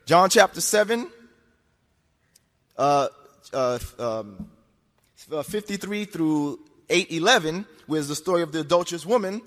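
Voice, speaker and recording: A man's voice: on the high side, animated, measured pace, pauses often, fairly bright tone. A man giving an argumentative lecture to an audience, insistent and repetitive, pressing his points with rhetorical questions. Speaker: speaker addressing an audience. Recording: long hall reverb.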